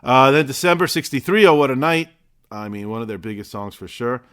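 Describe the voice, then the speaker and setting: A man's voice: medium pitch, expressive, fairly quick, a bit bright, clear, resonant tone. Chatty man rambling through a show review. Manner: chatty, rambling, swears casually. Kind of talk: casual vlog review.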